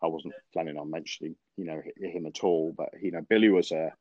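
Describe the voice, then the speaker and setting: Deep-voiced rambling podcast host. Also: male voice, steady tone, quick pace. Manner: rambling, many fillers and restarts, laughs often. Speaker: podcast host, golf coach. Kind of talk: casual podcast chat, storytelling. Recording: dry, dull lo-fi podcast audio.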